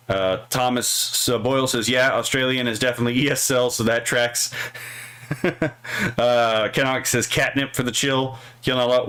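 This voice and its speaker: A man talking casually on a live stream, responding to viewer comments as he goes. He rambles loosely, keeps checking in with a quick "right?" and breaks into small chuckles between thoughts. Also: medium pitch, a bit bright. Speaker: streamer reading chat.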